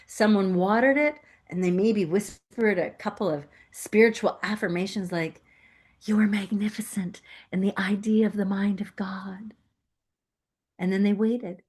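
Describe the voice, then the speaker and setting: A woman giving a playful, emphatic inspirational sermon as a guest speaker, laughing often. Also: mid-range voice. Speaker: guest speaker at a spiritual center.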